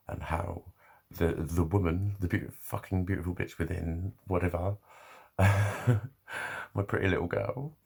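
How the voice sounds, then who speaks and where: A man's voice: deep voice, creaky, darkish tone, husky. A man vlogging in a loose, rambling monologue, swearing a lot and laughing often.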